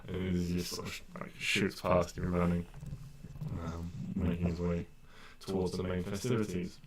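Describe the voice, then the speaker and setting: A man's voice: deep voice, completely flat delivery, moderate pace, a little hiss or hum. A man as game master, describing scenes in a rambling way full of fillers. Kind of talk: narrating a tabletop game.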